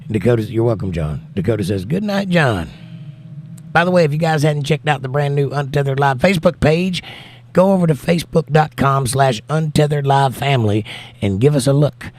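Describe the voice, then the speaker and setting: A man's voice: mid-range voice, expressive, brisk. A man with a Southern US accent, hosting a casual livestream and reading chat messages aloud. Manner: reads chat messages aloud and answers them warmly. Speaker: livestream host and singer. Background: guitar playing.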